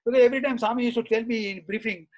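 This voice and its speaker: A middle-aged man with a very high-pitched, fairly even voice races through anecdotes as an interview guest. His tone is chatty and reminiscing, full of "you see" and "uh", and the audio is poor.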